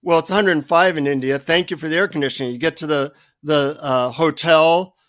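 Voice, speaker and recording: An older man with a somewhat high speaking voice, telling a story as a guest author on a radio show. He is animated and self-deprecating, with a comic storyteller's timing. The sound is dry and close. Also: brisk, dry recording.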